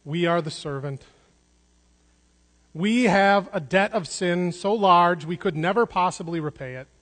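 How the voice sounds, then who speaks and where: A man's voice: high voice, unhurried, fairly bright tone. A man preaching a sermon in an earnest way, restarting words and repeating phrases for emphasis. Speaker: pastor. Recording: long hall reverb.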